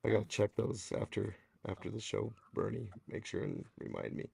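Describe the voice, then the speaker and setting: A man with a low, gravelly voice hosts a casual podcast stream, audibly hoarse as if his voice is going. He rambles loosely, leaning on fillers. The sound is dry and close, with no room around it. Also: fairly even intonation, moderate pace, a little mellow, no echo. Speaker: podcast host. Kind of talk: casual livestream chat.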